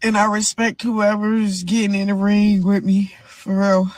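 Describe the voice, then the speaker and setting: A woman's voice: medium pitch, little pitch movement, measured pace, no room sound. A woman boxer talking earnestly in a vlog clip, rambling and repeating herself. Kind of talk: emotional vlog confession.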